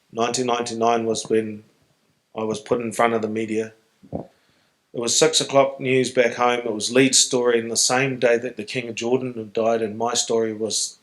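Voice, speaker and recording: On a rough recording, a middle-aged man from New Zealand talks in a mid-range voice with a New Zealand accent. He is a guest in a live stage Q&A before an audience, and his manner is earnest, reflective and emotionally open.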